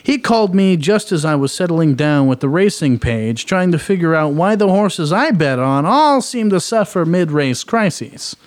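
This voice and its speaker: A man's voice: fairly high pitch, animated, normal speed, hardly any pauses, lightly acted. An actor playing a wry private eye who narrates his own story in hardboiled style, with dry wisecracks. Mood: narrating.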